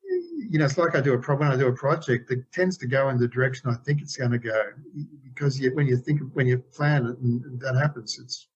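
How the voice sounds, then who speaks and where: A man's voice: mid-range voice, sing-song, fairly quick, slightly rough. Rambling older man, dull lo-fi sound. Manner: rambling, frequent restarts and self-corrections. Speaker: game developer guest. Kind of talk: casual interview storytelling.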